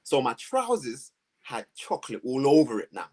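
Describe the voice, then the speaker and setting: A man, telling his story to two hosts in a lively, slangy way, acting out the voices of people around him. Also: mid-range voice, normal speed. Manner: animated, slangy storytelling with acted-out quotes. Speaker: guest. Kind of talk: storytelling in a conversation.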